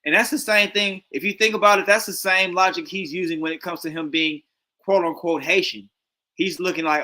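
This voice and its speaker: A man's voice: a little high, moderate pace, sharp tone, low-quality recording. A man giving loose, rambling commentary with lots of slang and fillers. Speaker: stream host reacting to a debate. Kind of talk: casual commentary.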